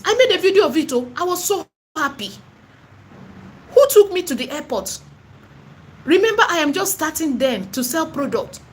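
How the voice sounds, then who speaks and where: A woman's voice: high voice, slight background noise. A woman with a Nigerian accent gives an impassioned preaching monologue in her vlog. She is emphatic and repetitive and slips into Pidgin and Igbo phrases. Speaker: online seller and spiritual vlogger.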